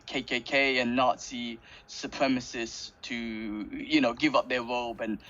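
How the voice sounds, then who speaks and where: A man's voice: mid-range voice, steady tone, a little slow, bright, forceful tone, lo-fi sound. A man co-hosting a podcast, chatting casually and enthusiastically, rambling and using slang like "bro" and "man". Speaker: podcast co-host.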